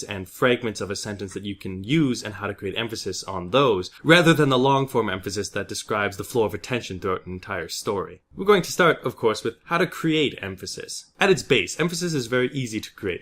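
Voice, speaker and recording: Fast-talking young man explaining writing craft. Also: mid-range voice, fairly bright tone. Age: young adult. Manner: brisk, lecturing, with emphatic stresses. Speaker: vlog host teaching writing. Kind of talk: scripted explainer. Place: new indoor space.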